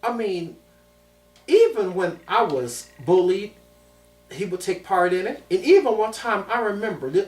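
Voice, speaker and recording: A man in his thirties, from Chicago, telling a personal story in an emphatic way and repeating phrases for weight. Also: high-pitched. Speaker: vlogger. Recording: roomy sound from a distant mic.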